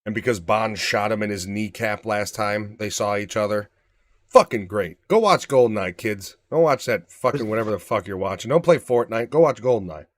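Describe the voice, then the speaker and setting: A man co-hosting a casual podcast chat, animated and profane, getting loud for emphasis. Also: lowish voice, normal speed, no room sound. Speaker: podcast co-host.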